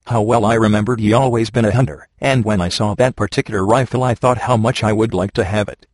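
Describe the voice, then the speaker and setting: A man voicing a gentle, loving young wife on her deathbed, read aloud in a plain, soft way. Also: on the low side, fairly even intonation, quick pace, no room sound, clean studio sound, lightly acted. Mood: tender.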